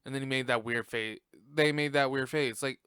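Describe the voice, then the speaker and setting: A man's voice: mid-range voice, fairly even intonation, normal speed, bright, forceful tone, smooth, dry recording, clean studio sound. A man hosting a podcast, giving a casual, sassy and profane reaction to a film and laughing often. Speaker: podcast host. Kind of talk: casual movie reaction commentary.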